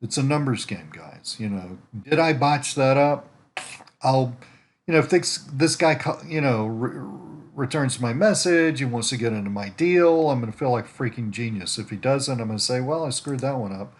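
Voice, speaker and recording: A man with a mid-range voice and lively intonation speaks at a moderate pace from home in winter. Sharing his screen, this network marketer scrolls a social site's profiles, rambling through his thoughts with asides and restarts.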